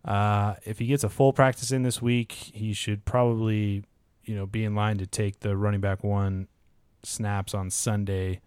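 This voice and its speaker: Low, smooth-voiced man on a podcast. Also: dry recording. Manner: steady, reads odds and injury news in a measured way. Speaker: fantasy football podcast co-host. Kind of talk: casual podcast chat.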